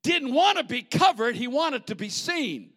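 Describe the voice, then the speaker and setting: A man preaching a sermon in an animated, conversational way, with asides to the congregation. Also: extremely high pitch, a little slow.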